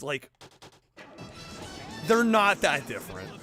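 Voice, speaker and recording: A male streamer chatting casually with his viewers, animated and argumentative, laughing often and swearing now and then. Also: sits high, normal speed. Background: background music.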